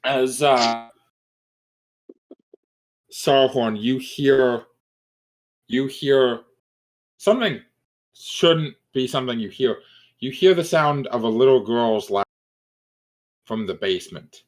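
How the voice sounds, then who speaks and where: A man running a tabletop game as game master, setting spooky scenes in a deliberate way. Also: mid-range voice, lively intonation, rough recording.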